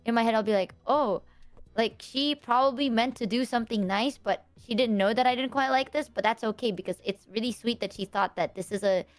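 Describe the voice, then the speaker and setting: A streamer talks casually, her voice on the high side and her pace a little fast. She rambles earnestly while explaining herself, dropping lots of fillers and quoting herself.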